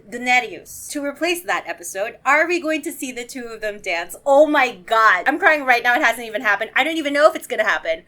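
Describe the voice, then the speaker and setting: A bright, keen-edged woman's voice, pitched a little high, chatting through a casual vlog review. She gushes and gets excitable, tossing in swear words without a second thought. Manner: gushing, excitable, swears freely. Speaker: show reviewer.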